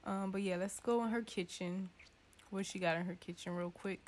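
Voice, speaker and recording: A woman's voice: fairly even intonation, moderate pace. A woman gives playful, chatty let's-play commentary from a home setup, now and then voicing her characters' thoughts. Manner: chatty, playful, voices the sims' thoughts in a squeaky tone. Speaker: gaming YouTuber.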